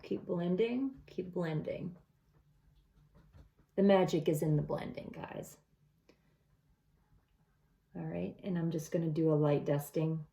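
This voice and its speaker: A woman's voice: low-pitched, steady tone, a little slow, gravelly, pauses often, warm tone. A middle-aged woman talking through a makeup tutorial step by step in a casual, chatty way. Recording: echoey room.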